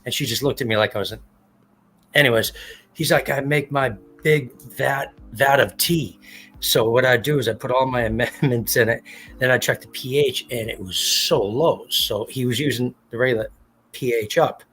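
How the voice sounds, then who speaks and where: A man's voice: medium pitch, brisk, fairly bright tone, slightly rough, soft background music. A man hosting a casual livestream, rambling and swearing freely as he acts out what others said. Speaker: livestream host. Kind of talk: casual chat.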